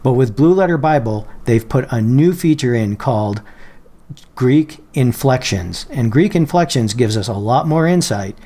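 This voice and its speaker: A man calmly walking viewers through a software feature in a screen-recorded tutorial, slowing down on quoted phrases and examples. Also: mid-range voice. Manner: patient, explanatory, slows down on quoted phrases. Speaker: Bible software tutorial presenter. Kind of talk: screen-share software walkthrough.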